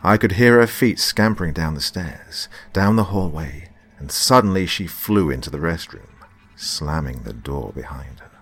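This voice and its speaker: Very deep-voiced man narrating horror. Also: animated, normal speed, fairly bright tone, slightly rough. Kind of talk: scripted horror story narration.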